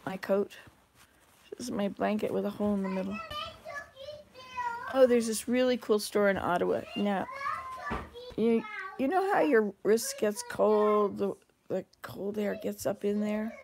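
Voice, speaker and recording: Gravelly older woman chatting live. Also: medium pitch, noisy background. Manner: rambling, chatty, with frequent restarts. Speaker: vlogger host. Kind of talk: live-stream chat reading viewer comments.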